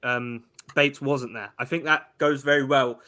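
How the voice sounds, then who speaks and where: A man, guesting on a sports talk show, measured with stumbling restarts. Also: mid-range voice, fairly even intonation, sharp tone. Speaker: podcast guest.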